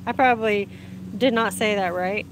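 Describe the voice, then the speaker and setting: A woman with a medium-pitched voice speaks at a normal speed over slight background noise. She's hosting an informal livestream outside in the sunlight, chatting with viewers via her phone and reading out their comments. Chatty and warm, she greets people and laughs a lot.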